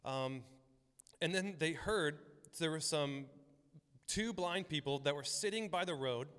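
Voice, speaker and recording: A man's voice: on the high side, unhurried, a bit bright, clean tone. A man preaching a casual, conversational sermon as a pastor, often acting out the voices in his stories. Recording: long hall reverb.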